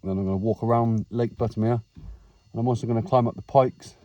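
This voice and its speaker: A man's voice: mid-range voice, steady tone, brisk, no echo, dull audio. A young man, chatting casually to his phone camera as he hikes up a windy hillside. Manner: chatty, matey, talks to camera while walking. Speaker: travel vlogger. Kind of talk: casual hiking vlog. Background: wind and outdoor ambience.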